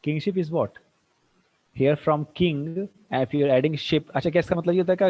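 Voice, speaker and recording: A man teaching an online tutorial, firing quick questions at students and slipping into Hindi. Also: a little high. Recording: dull lo-fi dry sound.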